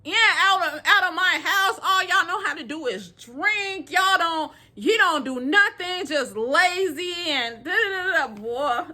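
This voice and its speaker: A woman imitating an angry older mother loudly scolding her grown son and his friends. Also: lively intonation, a little slow, hardly any pauses, heavily acted. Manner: loud, high scolding.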